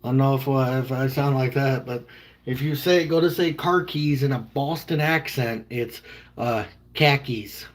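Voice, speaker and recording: A man's voice: mid-range voice, normal speed. A man in his thirties chatting casually with viewers on a livestream, rambling and joking as he answers their questions. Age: 30s.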